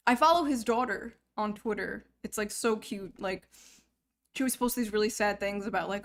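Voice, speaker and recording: A woman's voice: medium pitch, normal speed. A young woman hosting a livestream in casual chat, joking crudely and swearing freely. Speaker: livestream host.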